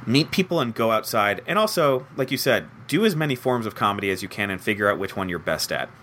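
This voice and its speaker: A young man with a bright, forward voice talks through an interview about his writing job. He is animated and self-deprecating and acts out quoted lines in little voices. Faint background noise sits under the recording. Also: lowish voice, fast talker. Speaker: head writer of a comedy show. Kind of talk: conversational interview answers.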